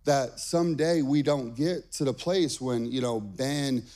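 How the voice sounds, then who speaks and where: Animated man preaching a sermon. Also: mid-range voice, measured pace. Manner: animated storytelling with frequent "okay?" asides. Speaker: pastor. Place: church stage.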